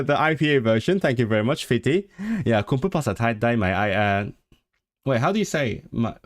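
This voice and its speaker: Stammering man sounding out words. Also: medium pitch. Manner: stumbling, repeats words, sounds out foreign words. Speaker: livestream host. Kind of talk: casual livestream chat.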